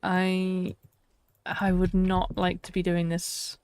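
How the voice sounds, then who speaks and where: A woman's voice: fairly low pitch, monotone, slow, darkish tone, clear, resonant tone, dry recording. Chatty woman streamer, dry close mic. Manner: chatty, talks to herself, laughs often. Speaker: streamer playing a survival game. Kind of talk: casual live-stream chat.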